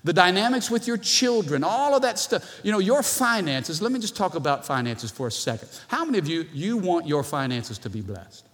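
A man preaching a sermon as pastor in a church, animated, with playful asides to the congregation. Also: high-pitched, moderate pace, few pauses. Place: church sanctuary. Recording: long hall reverb from the church.

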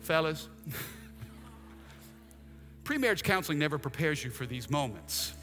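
High, bright-voiced preaching pastor. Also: male voice, moderate pace, long pauses. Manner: animated preaching with acted-out asides and humor. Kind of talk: sermon. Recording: long reverb, faint music behind.

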